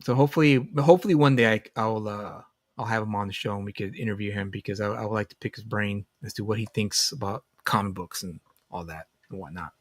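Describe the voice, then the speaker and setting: A man's voice: on the low side, fast talker, no echo, studio quality. A man hosting a casual livestream chat, easygoing, often restarting his sentences. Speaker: host.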